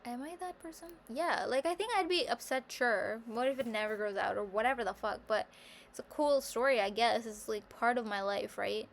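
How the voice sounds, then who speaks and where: A woman in a casual vlog monologue, a bit higher-voiced than most, rambling through her thoughts with a steady stream of "like." She turns lively whenever she acts out her own inner voice. A faint hum of room ambience sits behind her. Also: normal speed, vocal fry. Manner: rambling and self-reflective, heavy use of "like"; animated when quoting her own thoughts. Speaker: vlogger.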